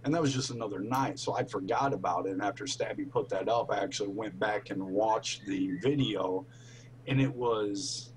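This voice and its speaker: A man's voice: fairly low pitch, normal speed, slight background noise, poor audio. A man co-hosting a gaming podcast, speaking earnestly and rambling a bit with restarts. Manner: earnest, rambling, with false starts. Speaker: podcast co-host. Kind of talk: casual reflective chat.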